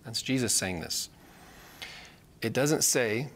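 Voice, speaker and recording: A man's voice: lowish voice, a little fast, fairly bright tone. A man teaching a live Bible study, earnest and repeating key phrases for emphasis.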